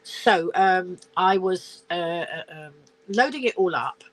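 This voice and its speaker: Here the older English livestream host talks at a slow pace in a lowish voice. Recorded on her phone camera, she chats casually, rambles, giggles and reads out comments from viewers.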